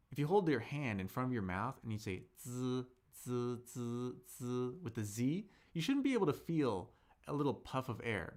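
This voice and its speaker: A man hosting a live-stream Chinese lesson, slowly explaining pronunciation with lots of fillers and thanking viewers in the chat. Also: mid-range voice, a bit bright. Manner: slow, drawn-out speech with many fillers, demonstrating sounds.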